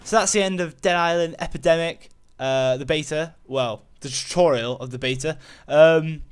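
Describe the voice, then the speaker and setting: A man's voice: a little high, moderate pace, smooth. Rambling man commentating a game. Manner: rambling, full of fillers and restarts, easily excited. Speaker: gaming channel host. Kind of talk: casual let's-play commentary.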